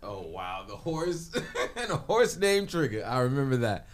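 Slow-talking laughing radio host man. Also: medium pitch, sing-song, background noise. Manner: laughs a lot, drawn-out reactions. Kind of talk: casual chat.

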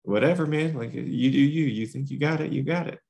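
A man's voice: mid-range voice, brisk, vocal fry, darkish tone. A young man co-hosting a podcast, casually telling a rambling workplace story with lots of fillers. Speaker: podcast co-host.

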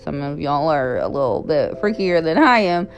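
A woman's voice: deep voice, lively intonation, normal speed, faint music behind. A young woman giving candid, blunt advice in a casual chat, with frequent fillers.

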